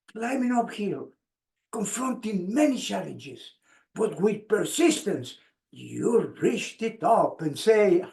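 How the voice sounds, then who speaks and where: A man, giving an expressive motivational speech with dramatic pauses. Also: sits high, gravelly. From Mexico. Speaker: speaker. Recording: echoey room.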